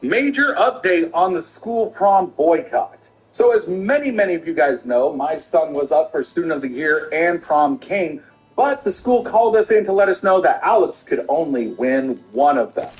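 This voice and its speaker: A middle-aged father telling a story casually, animated and laughing often, acting out the quotes. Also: on the high side, moderate pace, faint music behind, low-quality recording.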